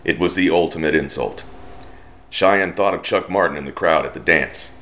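Deep-voiced Texan man reading a western. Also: sharp tone. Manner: slow, drawling twang, puts on brief voices for characters. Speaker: storyteller. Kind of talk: reading a western story aloud.

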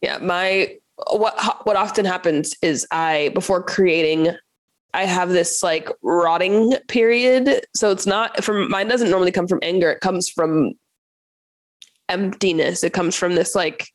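A young woman hosting a casual podcast conversation as a creative coach, animated, laughing often and acting out inner voices. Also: on the low side, unhurried.

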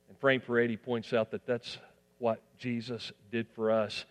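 A man pastor preaching a sermon, building to emphatic peaks and dropping to quiet asides. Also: medium pitch, little pitch movement, moderate pace, long reverb tail.

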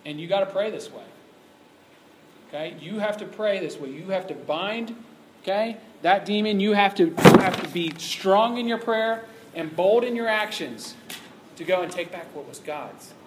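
A man's voice: high-pitched, normal speed. A man preaching to a youth ministry audience in an emphatic, conversational way. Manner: emphatic, conversational, acts out quoted voices. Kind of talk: sermon. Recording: echoey room with faint background noise.

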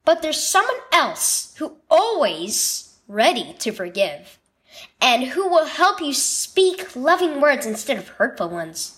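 A woman voicing a calm, gentle mother in a children's devotional story. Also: high-pitched, slow pace, exaggerated voice.

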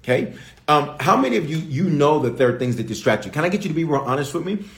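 A man's voice: on the high side, expressive, quick pace, fairly bright tone, reverberant. A man preaching a sermon as pastor, emphatic, repeating key lines and calling out to his audience. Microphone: streamed online service.

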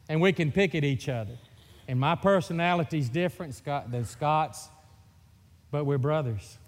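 A middle-aged man from Mississippi with a Mississippi Southern accent, preaching a sermon in a folksy, joking storytelling way. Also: on the high side. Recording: long reverb of a church hall.

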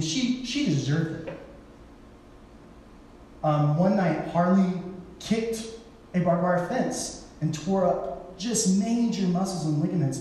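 A man's voice: sits high, warm tone, slight background noise. A man giving a sermon in a casual storytelling way, acting out the people he quotes in playful voices. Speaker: pastor. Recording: echoey hall, from far off.

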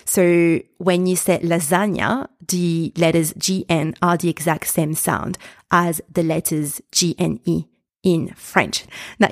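Slow, careful woman teaching pronunciation. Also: lowish voice, vocal fry, no room sound, studio quality. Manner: slow, careful, repeats sounds for the listener to copy. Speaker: podcast host and pronunciation teacher. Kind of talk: podcast pronunciation lesson.

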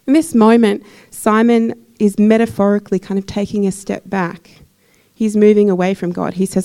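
A woman's voice: medium pitch, level tone, moderate pace, dark tone. A woman giving a conversational sermon in church, putting questions to the congregation. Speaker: preacher.

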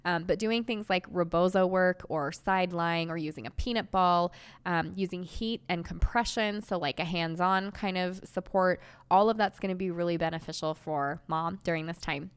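A woman's voice: fairly low pitch, normal speed, clean tone. A young woman hosting a solo podcast, talking in a reassuring, conversational way with plenty of ums and likes. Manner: conversational, reassuring, filler-heavy. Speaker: podcast host.

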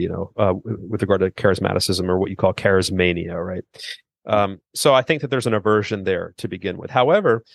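A man's voice: lowish voice, no echo. A middle-aged man, a seminary president and author, earnestly explaining theology as a podcast guest, with frequent restarts. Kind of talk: theological interview conversation.

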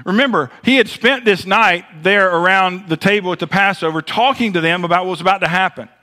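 A man from the American South with a Southern accent, preaching a sermon as pastor with dramatic pauses and big swings in loudness. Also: high voice.

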